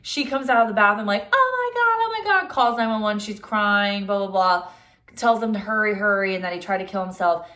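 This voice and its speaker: A woman's voice: medium pitch, steady tone, a bit bright. A young adult woman casually retelling a film's plot for her channel in a chatty way, with lots of "like" fillers. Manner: chatty, says "like" a lot; acts out characters' lines in quick voices. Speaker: movie reviewer.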